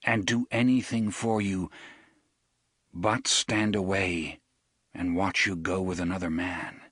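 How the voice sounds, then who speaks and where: A man voicing a calm, devoted young man who speaks steadily. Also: sits low, slow, slightly rough, dry recording, clean studio sound, exaggerated voice.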